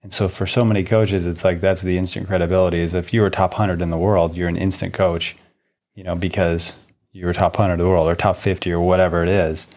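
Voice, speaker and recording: A man's voice: deep voice, little pitch movement, a little fast, darkish tone. A man, a tennis coach, agreeing with his co-host and adding his own points on a casual podcast.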